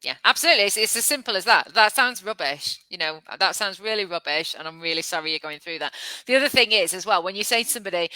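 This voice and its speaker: A woman's voice: mid-range voice, animated, fast, few pauses, sharp tone, no room sound, low-quality recording. A woman co-hosting a casual podcast, earnest and leading the talk, with a few restarts. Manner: earnest, leads the segment, some restarts. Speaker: podcast co-host. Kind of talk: casual chat.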